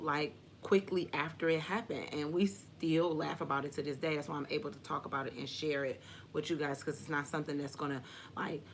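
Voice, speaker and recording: A woman's voice: low voice, a little hiss or hum. A young adult woman hosting a live question-and-answer stream, talking candidly and casually, full of slang and "like". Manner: candid and chatty, with frequent "like" and slang. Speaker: host of a live Q&A.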